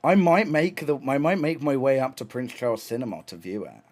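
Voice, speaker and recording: Speaking fairly quickly in a mid-range voice, a young live streamer rambles with excitement. His casual chatter is full of profanity and abandoned, restarted sentences.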